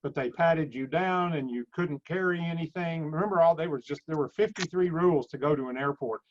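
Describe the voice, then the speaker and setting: A man giving measured opinions on a casual industry call. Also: on the high side. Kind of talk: casual chat. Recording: dull lo-fi phone call.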